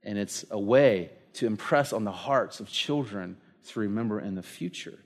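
A middle-aged man, preaching a sermon in an animated, storytelling way. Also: fairly low pitch, normal speed. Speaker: pastor.

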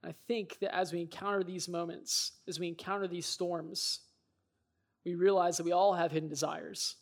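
A man's voice: high voice, fairly even intonation, moderate pace. A man preaching a sermon, earnest and reflective, telling stories and speaking in quoted voices. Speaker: pastor.

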